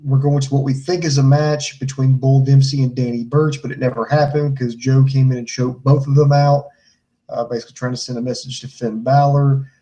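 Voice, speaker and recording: A man recaps a wrestling show for a podcast, stopping on fillers and throwing in crude jokes. His voice has a plain, middle pitch. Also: a little mellow, rough recording. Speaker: podcast co-host.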